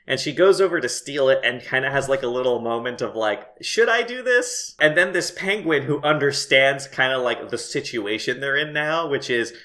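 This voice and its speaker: A man co-hosting a podcast in casual chat, animated, swearing casually and laughing often. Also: medium pitch. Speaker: podcast co-host.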